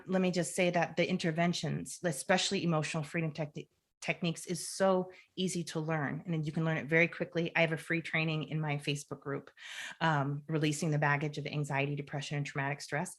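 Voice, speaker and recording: A woman, a clinical social worker, being interviewed on a podcast; she explains at length, often restarting sentences and acting out inner voices. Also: deep voice. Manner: animated, acts out inner self-talk.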